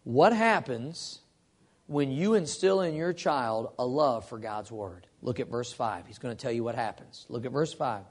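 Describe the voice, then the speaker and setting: A man preaching a sermon to parents, teaching earnestly and reading scripture slowly. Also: medium pitch, lively intonation. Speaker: pastor.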